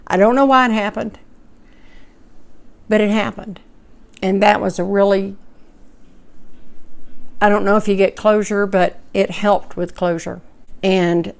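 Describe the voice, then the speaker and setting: Woman, fifties, heartfelt rambling storyteller, smooth clear voice, mid pitch. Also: fairly even intonation, a little slow, pauses often. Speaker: vlogger. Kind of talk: personal storytelling to camera.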